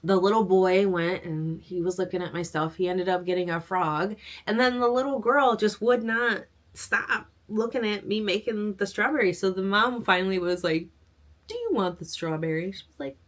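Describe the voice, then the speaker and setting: A young woman vlogging about her crochet business in a relaxed, chatty way. She tells her stories with an upbeat lilt and laughs often. Her voice sits at a middling pitch. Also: moderate pace, hardly any pauses. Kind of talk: casual chat.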